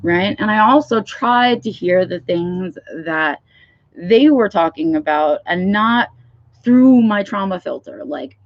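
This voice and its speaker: A woman's voice: mid-range voice, lively intonation, slow pace, no echo, muffled recording. A woman talking frankly in a live vlog, swearing freely and often checking in with "right?". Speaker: vlogger. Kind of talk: candid livestream talk.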